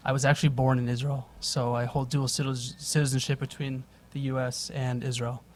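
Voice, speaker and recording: A man's voice: mid-range voice, little pitch movement, brisk, slight background noise. A man giving polite, somewhat hesitant testimony at a public hearing. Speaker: public witness.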